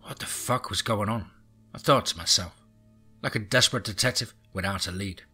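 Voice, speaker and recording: A man reading a horror audiobook in a low, brooding way with whispered asides. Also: moderate pace, bright, forceful tone, slightly rough, faint music behind. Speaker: audiobook narrator.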